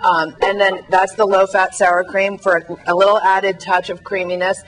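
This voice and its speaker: A woman's voice: medium pitch, level tone, faint music behind, low-quality recording. A woman food editor on a TV morning show, explaining a recipe step by step in an upbeat way with frequent ums. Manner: upbeat, explanatory, many ums, quick laughs. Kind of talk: TV cooking demonstration. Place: TV studio kitchen.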